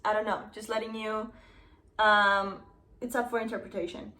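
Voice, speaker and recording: A woman's voice: medium pitch, level tone, normal speed, pushed and bright, roomy sound. A young adult woman YouTuber reading fanfiction aloud with sarcastic, profane commentary.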